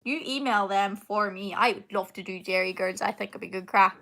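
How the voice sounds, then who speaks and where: A young woman talks a little fast in a medium-pitched, sharp-toned voice. She's a singer running a live Q&A at home indoors, casually answering stream comments and rambling with lots of fillers and laughter.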